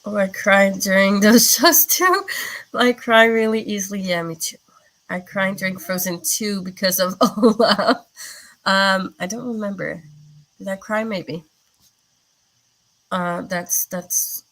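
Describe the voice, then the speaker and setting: A woman's voice: medium pitch, slow pace, creaky, long pauses, a bit bright, low-quality recording. A woman hosting a live stream who chats casually with her viewers, rambling along with plenty of fillers. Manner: rambling and chatty, with many fillers; replies to viewer comments as she goes. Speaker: livestream host chatting with viewers.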